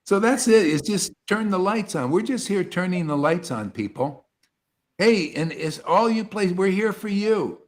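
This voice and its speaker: A man giving an impassioned devotional talk to an online group, preachy and fervent, swinging between soft asides and loud exclamations. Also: high-pitched, lively intonation, a little slow. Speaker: spiritual teacher leading an online satsang. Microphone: video call.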